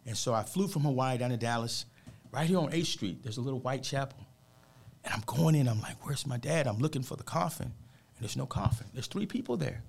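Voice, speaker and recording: Gravelly earnest motivational speaker, a man. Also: mid-range voice, animated, fairly quick. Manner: earnest, heartfelt, preacher-like emphatic delivery. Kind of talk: emotional personal storytelling in a radio interview.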